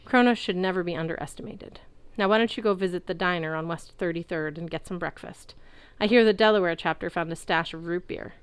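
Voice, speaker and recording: Brief: woman reading a calm, wise old centaur teacher, smooth and close, lowish voice. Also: fairly quick, no room sound, close to an everyday voice.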